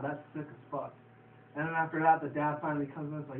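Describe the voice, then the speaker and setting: Talking fast in a fairly high voice with fairly even intonation, a young vlogger gives a casual, rambling review of a comedy movie, swearing as he retells the plot and chuckling at his own account. It's captured as echoey, phone-quality audio from a distance with slight background noise.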